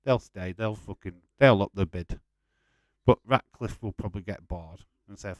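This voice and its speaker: A man's voice: on the low side, moderate pace, no room sound. A man hosting a casual live watch-along stream, chatting loosely with frequent swearing and rambling restarts. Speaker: livestream host.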